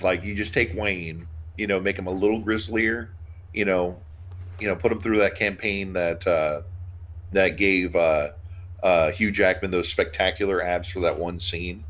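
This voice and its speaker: A man's voice: sits low, unhurried, a bit bright. A man in his thirties, co-hosting a casual podcast chat, rambling with restarts and frequent laughs. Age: 30s. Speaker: podcast co-host.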